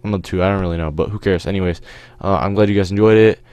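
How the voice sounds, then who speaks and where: Teen guy vlogger, deep voice, dry close mic, rambling storytime with lots of uhs. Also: fairly even intonation, racing, a little mellow, clear, resonant tone, no room sound. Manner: rambling, many fillers and restarts, slangy. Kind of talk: casual storytelling over gameplay.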